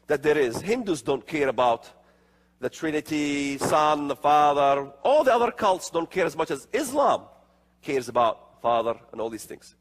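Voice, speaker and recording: A man giving an emphatic religious lecture, firing rhetorical questions with sarcastic asides. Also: high-pitched. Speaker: religious speaker. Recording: long hall reverb.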